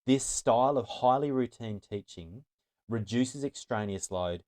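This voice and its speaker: A man's voice: medium pitch, unhurried, a little mellow. A middle-aged man giving an earnest, emphatic talk to teachers as a trainer, sometimes restarting his words. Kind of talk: presentation to teachers.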